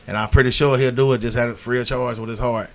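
A middle-aged man talking earnestly on a radio show, urging listeners and swinging from loud appeals to quiet, low moments. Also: steady tone, fast. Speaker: community organizer and guest. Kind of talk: heartfelt radio talk.

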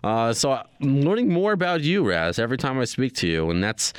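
A man's voice: medium pitch, very animated, brisk, clean tone, no room sound, clean studio sound. A man hosting a podcast in a casual chat, asking questions as a friendly, enthusiastic interviewer. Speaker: podcast host.

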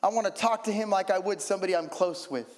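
A preacher delivers a sermon with lively, conversational energy, tossing in humorous asides. His voice sits a little high for a man. The sound rings with the long reverb of a big hall. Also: fast talker. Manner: animated, humorous asides, mimics prayers.

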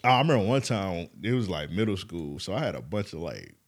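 A man co-hosting a podcast, telling a story in a casual, animated way, laughing often and swearing freely. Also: low-pitched, a little fast, husky. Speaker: podcast co-host.

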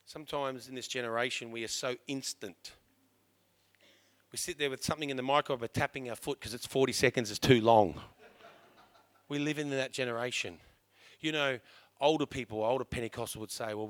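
A man with an Australian accent preaching a sermon as a pastor, telling lively stories and acting out the dialogue. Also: medium pitch, a little fast, pauses often, dry recording. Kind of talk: sermon storytelling.

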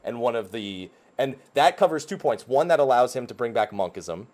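A man's voice: mid-range voice, moderate pace. Man recapping a game, swearing casually. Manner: animated retelling, swears freely, acts out characters' lines. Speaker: podcast co-host. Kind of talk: casual chat recapping a video game story.

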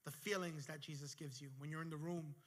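A man's voice: fairly high pitch, steady tone, a little fast. A man, a pastor, preaching a sermon and telling a personal story from his workplace with building intensity.

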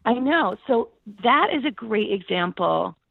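A middle-aged actress being interviewed, telling stories conversationally and acting out quoted dialogue with lively jumps in pitch. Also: female voice, a little slow, creaky, dry recording. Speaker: actress guest. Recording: tinny phone-like line.

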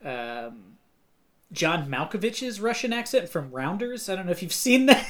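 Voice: mid-range voice, big pitch swings, a little slow, fairly bright tone. A podcast co-host talking in a casual, rambling way, hedging with many fillers.

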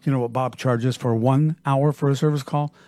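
A man's voice: medium pitch, normal speed, no room sound. A man co-hosting a radio talk show, telling an anecdote and acting out the quotes. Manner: animated storyteller acting out quotes.

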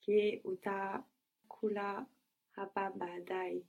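A woman answers in short, careful phrases during a language lesson, sometimes pausing mid-word. Her delivery is slow and level, with a gravelly edge to her voice. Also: medium pitch, flat delivery, darkish tone. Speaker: language student.

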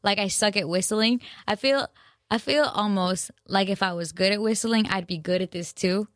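A woman's voice: medium pitch, moderate pace, dry recording, studio quality. A young woman chatting casually to her viewers, rambling and self-mocking, full of slang and restarts. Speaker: vlogger. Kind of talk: casual chat to camera.

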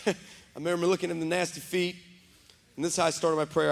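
A man preaching an energetic storytelling sermon as pastor, animated, with comic asides and shouted peaks. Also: on the high side, fast talker, gravelly. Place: large church sanctuary. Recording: long church hall reverb.

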